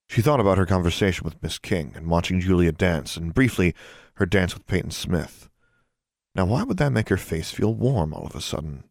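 A man narrating a fantasy audiobook in an even, measured storytelling manner. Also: sits low, gravelly, dry recording, studio quality.

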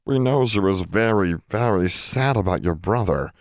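A man doing a creaky little house elf. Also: sits low, expressive, normal speed, no room sound, clean studio sound. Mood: mournful. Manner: simple ungrammatical speech, mournful. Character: small male house elf, timid, broken grammar.

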